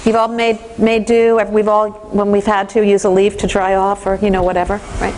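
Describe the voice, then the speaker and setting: A woman's voice: medium pitch, moderate pace, slight background noise, poor audio. A woman giving a parenting training lecture to a class, telling stories and acting out voices. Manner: lively storytelling, acts out voices.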